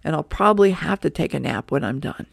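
A woman's voice: low-pitched, expressive, brisk, creaky, no echo, heavily acted. A woman voicing a lazy, wry old grandfather with a dry, drawling delivery, read from a newspaper comic strip.

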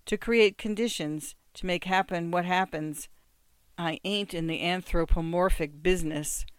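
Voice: medium pitch, measured pace, clean tone, dry recording, natural voice. A reader voicing Ginsberg, a cold metallic death figure. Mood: cold indifference. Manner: curt, indifferent. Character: menacing death-like ticket collector, cold and amused.

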